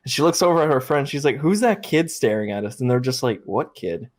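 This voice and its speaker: A man's voice: mid-range voice, expressive, quick pace. A man on a casual podcast telling a ghost story, laughing often, swearing and acting out the quotes. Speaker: podcast co-host.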